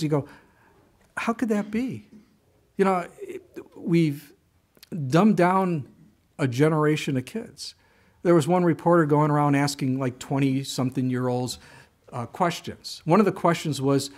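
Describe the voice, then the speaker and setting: An older man delivers a sermon in a relaxed, conversational way. His voice sits at an everyday middle pitch, and he often restarts a thought or drops in a quick aside before moving on. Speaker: pastor.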